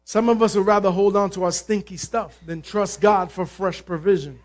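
A male pastor preaching a lively, humorous sermon, calling out to the congregation, acting out biblical characters and mixing in Spanish phrases. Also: high voice, normal speed. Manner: lively preaching with jokes and call-outs to the congregation; acts out biblical characters' voices. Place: church.

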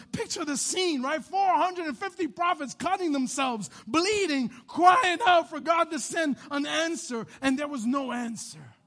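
A man pastor preaching a sermon, swinging between loud animated bursts and hushed quiet passages. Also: extremely high pitch.

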